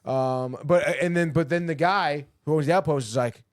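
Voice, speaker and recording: A man's voice: a little high, moderate pace, dry recording, clean studio sound. A man hosting a podcast, animatedly retelling a TV episode and tossing off the characters' lines himself, with plenty of swearing. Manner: animated storytelling, voices the characters' quips in passing, swears often. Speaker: podcast host. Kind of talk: casual recap of a TV episode.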